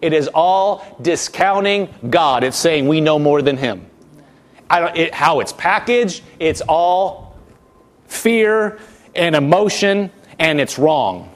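A man with a notably high voice preaches through a scripture passage verse by verse. He reads the text, then breaks off to act out the people's complaints in a whiny tone before pressing his point. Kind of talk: expository sermon reading scripture.

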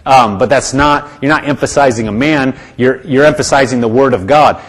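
A man's voice: mid-range voice, moderate pace, few pauses. A man preaching to his congregation in a conversational, earnest way, often restarting his sentences. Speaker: pastor. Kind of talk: sermon.

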